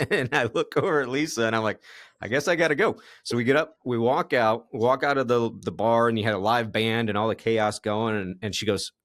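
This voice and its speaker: A man hosting a casual interview, telling a story in a relaxed way and laughing at his own anecdote. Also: mid-range voice, a little fast, no room sound, clean studio sound. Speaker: podcast host.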